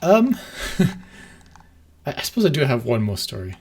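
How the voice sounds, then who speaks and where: A man's voice: medium pitch, wildly swooping pitch, normal speed, a little mellow, husky. A man co-hosting a casual podcast, chatty, laughing often and trailing off into asides. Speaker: podcast co-host. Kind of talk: casual chat.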